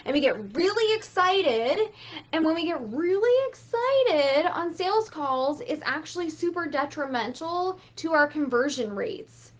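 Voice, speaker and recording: A woman business coach giving a casual motivational talk, animated and swearing freely as she acts out quotes. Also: sits high, unhurried, muffled recording.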